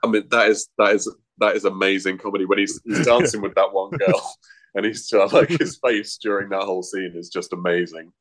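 A man's voice: fairly low pitch, fairly quick. A man on a podcast, retelling movie scenes animatedly and quoting characters in put-on voices. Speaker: podcast guest. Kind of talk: casual film recap chat.

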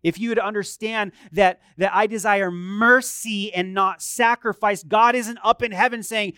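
Conversational male preacher, smooth voice. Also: sits high, fairly even intonation, unhurried, hardly any pauses, sharp tone, dry recording, studio quality. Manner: conversational, asks the congregation questions. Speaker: pastor. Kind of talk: sermon.

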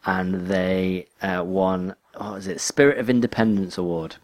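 A man's voice: deep voice, measured pace, creaky, a little mellow, no room sound. A man co-hosting a podcast in casual chat, rambling and restarting his sentences. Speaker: podcast co-host.

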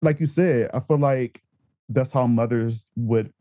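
Male podcast co-host, warm mellow tone, dry close sound, relaxed with restarts. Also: medium pitch, a little slow, no room sound. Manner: easygoing, stammering restarts, chuckles. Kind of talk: casual film discussion.

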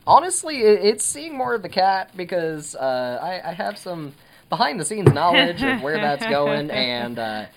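A woman co-hosting a podcast in relaxed casual chat, hesitating with uh between thoughts. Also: lowish voice, a little slow, rough recording. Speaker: podcast co-host.

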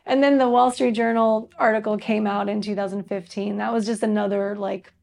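A woman musician as an interview guest, chatting casually and telling stories in an animated way, laughing often and using many fillers. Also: mid-range voice, brisk, gravelly.

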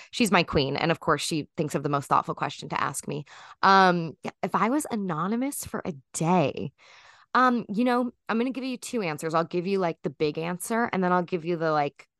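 A woman's voice: sits low, a bit bright, dry recording, studio quality. A woman in her thirties, a guest chatting casually in an interview, rambling with lots of fillers and restarts.

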